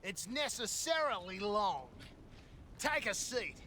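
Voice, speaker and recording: A woman's voice: medium pitch, very animated, slow pace, sharp tone, slight background noise, exaggerated voice. An actress voicing a cocky, theatrical female antihero in a video game cutscene, speaking in a teasing, showy way.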